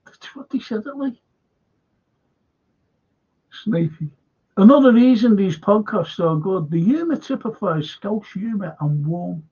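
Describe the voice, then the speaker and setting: A man's voice: high-pitched, expressive, normal speed, dark tone, slightly rough. A middle-aged man hosting a casual live stream, reading viewer comments aloud with a chuckle and the odd swear. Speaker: podcast host reading live chat. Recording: dull lo-fi stream audio.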